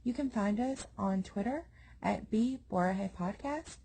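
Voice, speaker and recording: A woman reading a scripted podcast outro in a steady, matter-of-fact way. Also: medium pitch, slow pace, vocal fry, a little hiss or hum.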